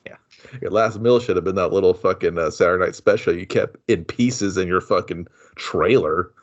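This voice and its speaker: A man's voice: sits low, moderate pace, muffled recording. A young man co-hosting a podcast who talks about a movie sarcastically and with lots of swearing, acting out his own reactions. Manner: animated, sarcastic, swears a lot, acts out what he thought. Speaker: podcast co-host. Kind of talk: casual movie review chat.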